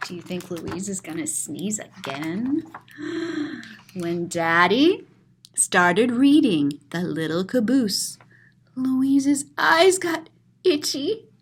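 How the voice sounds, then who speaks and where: A woman's voice: fairly low pitch, big pitch swings, slow, a little hiss or hum. A woman teacher reading a picture book aloud to children, dramatic and describing each picture aloud with gasps and exclamations. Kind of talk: expressive children's read-aloud.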